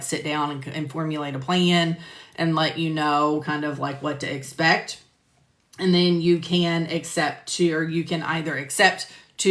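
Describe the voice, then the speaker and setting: Deep-voiced and a bit bright, a woman teaches medical coding on a live stream. She chats casually, replies to viewers by name, and uses lots of fillers, captured by a phone or computer mic with roomy echo.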